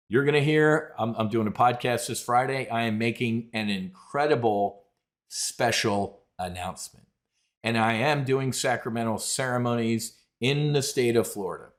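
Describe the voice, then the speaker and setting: A man's voice: medium pitch, moderate pace. A middle-aged man hosting a live trading show, talking in a brash, rambling way and calling his audience folks. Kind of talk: live market commentary.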